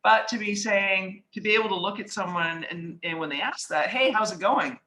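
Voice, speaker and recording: A woman's voice: mid-range voice, fairly quick, pushed and bright, echoey room, poor audio. A woman speaking as an author and investor guest, telling anecdotes in a casual, chatty way, acting out dialogue and using many filler words. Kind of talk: casual storytelling talk.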